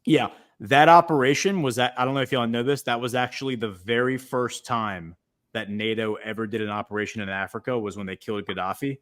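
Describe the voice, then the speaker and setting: A man's voice: medium pitch, fairly quick, fairly bright tone. A man talking on a political livestream as a guest commentator, rambling with frequent restarts and fillers.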